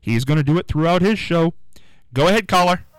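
A man hosting a live radio call-in quiz, with an upbeat, sing-song way of answering callers and a throat going hoarse. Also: fairly high pitch, fairly quick, no echo, low-quality recording. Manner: lively, upbeat, sing-song when rejecting guesses. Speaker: radio call-in show host. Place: radio studio.

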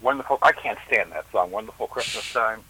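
A man chatting on a radio show as a regular guest, rambling and restarting his sentences in quick bursts. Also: lowish voice, lively intonation, pushed and bright, husky, dry recording, low-quality recording. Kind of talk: casual on-air banter. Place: radio studio.

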